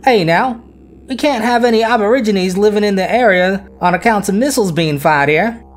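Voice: mid-range voice, slight background noise, voice pushed up, natural voice. A podcast narrator putting on an exaggerated mock Australian accent to play a government official. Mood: hammy. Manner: exaggerated, fast and hammy.

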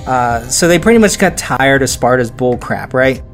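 With an animated, mid-range voice at a moderate pace, a man hosts a podcast telling history in a lighthearted, casual way. There's faint music in the background, and he often laughs and drops into silly voices.

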